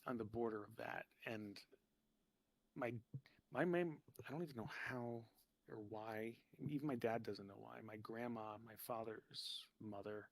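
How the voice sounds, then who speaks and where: A man's voice: lowish voice, no room sound. A man from New Jersey chatting as a podcast guest, rambling and saying "like" a lot. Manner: rambling, peppered with "like", quick laughs. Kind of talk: casual chat.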